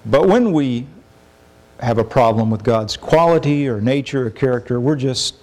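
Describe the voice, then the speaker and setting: A middle-aged man preaching a sermon in a conversational way, acting out quoted complaints with sudden rises in pitch. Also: animated, moderate pace, a little mellow.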